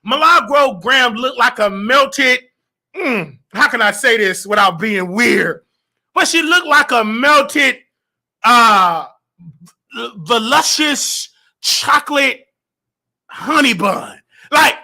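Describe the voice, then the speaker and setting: High, bright, loud-ranting male host. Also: slow pace. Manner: loud, animated, often shouting. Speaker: show host. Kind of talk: comedic rant.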